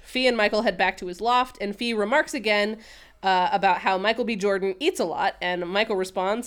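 A woman's voice: mid-range voice, a little fast. A woman co-hosting a podcast, chatting casually, filling her talk with "like" and laughing easily. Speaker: podcast co-host recapping a TV show. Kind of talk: casual chat.

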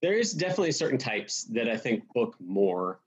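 A man's voice: medium pitch, very animated, a little fast, breathy edge. A man, an actor, chatting casually in a hesitant, rambling way and trailing off with "I don't know.". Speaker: actor, guest. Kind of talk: casual chat. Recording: muffled lo-fi audio.

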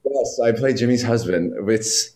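A man, a guest from New York, telling animated stories in casual chat and swearing freely. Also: medium pitch. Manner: animated storytelling, heavy swearing, quick asides.

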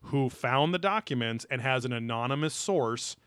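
A man's voice: mid-range voice, expressive, moderate pace, fairly bright tone, smooth, no echo, studio quality. A man co-hosting a podcast, rambling in casual chat with many fillers and loose asides. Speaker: podcast co-host.

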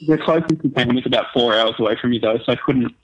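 A man's voice: medium pitch, quick pace, highs cut off, noisy background. Polite guy calling in over skype, kinda hesitant. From Australia. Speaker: caller. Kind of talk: phone call into a podcast. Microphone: Skype call.

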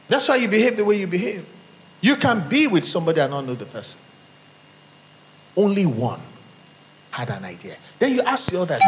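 Nigerian male pastor, middle-aged, lively and fairly high voice, rhetorical sermon delivery, long church reverb. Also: moderate pace, long pauses. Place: church hall.

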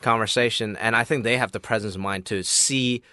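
A man, an actor, in a casual podcast chat, telling stories in an animated way and trailing off into quiet asides. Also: on the low side, brisk, clean tone, no echo.

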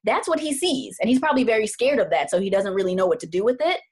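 A woman's voice: medium pitch, expressive, fast talker, darkish tone, breathy edge. A woman couples therapist talking through her approach in a casual podcast chat, earnest and thoughtful, often repeating words for emphasis.

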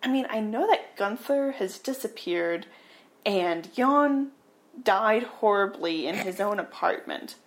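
A woman's voice: mid-range voice, animated, takes it slowly, poor audio. Woman doing a carefree, dismissive young man.

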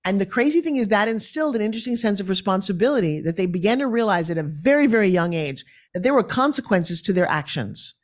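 A woman's voice: medium pitch, lively intonation, fast talker, hardly any pauses. A middle-aged woman, a podcast guest, telling parenting stories and acting out the voices of her children and others. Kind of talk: conversational storytelling.

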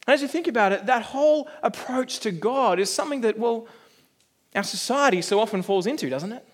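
A man's voice: very high-pitched, lively intonation, a little fast. A male preacher delivering an earnest, conversational sermon full of rhetorical questions.

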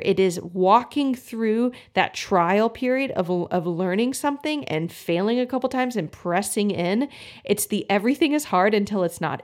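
A young woman hosting a podcast as a health coach, talking in a friendly, earnest way and acting out inner thoughts in animated little voices. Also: mid-range voice. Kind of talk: casual solo podcast talk.

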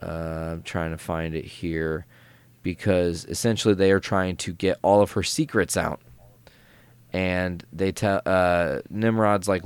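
A man's voice: low-pitched, steady tone, unhurried, smooth, no room sound. A man co-hosting a podcast, casually recapping a comic story in a rambling, filler-heavy way. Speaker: podcast co-host.

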